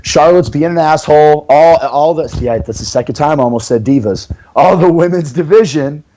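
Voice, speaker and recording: A man's voice: on the high side, moderate pace, warm tone, slight background noise, poor audio. Male podcast co-host; casual, rambling, profane fan banter. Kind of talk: casual chat.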